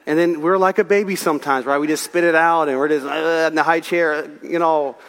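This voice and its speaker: Male pastor, fairly high voice, chatty and humorous sermon, long hall reverb. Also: a little fast, smooth. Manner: animated, conversational preaching with humor.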